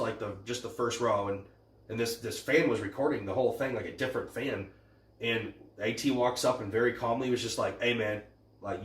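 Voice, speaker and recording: Rambling man in an echoey room. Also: lowish voice. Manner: rambling, retells stories with filler words. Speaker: podcast co-host. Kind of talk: casual sports chat. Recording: roomy echo, a bit far from the mic.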